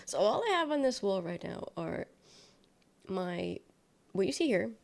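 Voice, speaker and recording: A woman's voice: mid-range voice, very animated, measured pace, vocal fry. A sick young woman with a nasal, congested voice, rambling casually as a livestreamer from her bedroom. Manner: rambling, trailing off, self-correcting. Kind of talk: casual chat. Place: her bedroom with bare walls.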